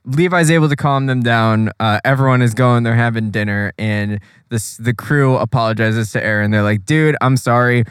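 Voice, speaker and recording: A man's voice: medium pitch, steady tone, moderate pace, few pauses, clean tone, dry recording, studio quality. A man co-hosting a podcast, chatting casually and profanely about an anime episode, laughing often and acting out quotes. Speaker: podcast co-host. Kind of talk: casual anime recap chat. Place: in a car.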